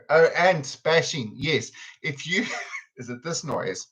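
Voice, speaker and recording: A man's voice: on the high side, sing-song, takes it slowly, a bit bright, slightly rough, highs cut off. A man with a South African accent hosting a live cooking stream in a chatty, teasing way, laughing often. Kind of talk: casual chat on a livestream. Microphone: computer camera on a video stream.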